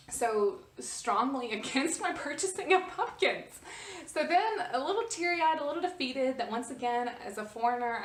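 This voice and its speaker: A woman vlogger telling a personal story in a casual, animated way, often restarting her sentences. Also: fairly high pitch, reverberant, distant mic. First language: English. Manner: animated, restarts often, rises when reliving the scene.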